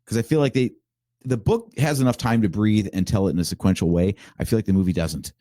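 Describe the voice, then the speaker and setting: A man's voice: on the low side, fast talker, warm tone, no echo, studio quality. A man co-hosting a podcast in casual chat, joking around and laying out his thoughts analytically. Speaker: podcast co-host.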